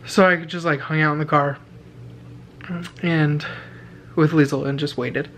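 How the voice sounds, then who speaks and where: A man's voice: fairly even intonation, a little slow, a bit bright, slight background noise. Chatty young man telling a story. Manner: chatty, laughing, quoting others in high voices. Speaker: vlogger, teacher. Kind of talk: casual storytelling from bed. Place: bedroom at night. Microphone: handheld camera held overhead.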